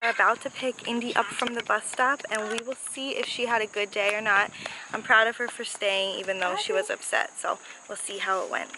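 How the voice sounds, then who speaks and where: A woman's voice: medium pitch, steady tone, brisk, background noise. A woman telling a family story in a casual vlog, rambling on with many fillers and acting out what everyone said. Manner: rambling retelling with many fillers and quoted dialogue. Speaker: mother vlogger.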